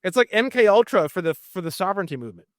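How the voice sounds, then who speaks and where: A man as an interview guest, ranting heatedly with lots of swearing and fast bursts. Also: high voice, animated, no echo, clean studio sound. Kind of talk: casual interview talk.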